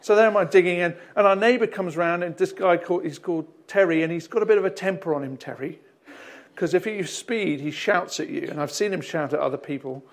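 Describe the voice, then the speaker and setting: A man's voice: high-pitched, a little fast. A male pastor with an Australian accent, telling a rambling anecdote in a sermon with lots of restarts and chuckles. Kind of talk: storytelling sermon.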